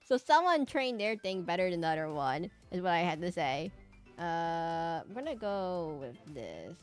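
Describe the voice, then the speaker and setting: A woman streamer chatting casually while she draws, with a slight lisp and fast, tumbling speech full of restarts. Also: lowish voice, very animated, soft background music.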